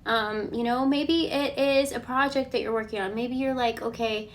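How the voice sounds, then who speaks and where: A woman giving a casual collective tarot reading, relaxed and reassuring. She thinks aloud and often checks in with a questioning "okay?". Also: sits high, normal speed, a little hiss or hum. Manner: chatty, ends points with a questioning "okay?". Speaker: tarot card reader.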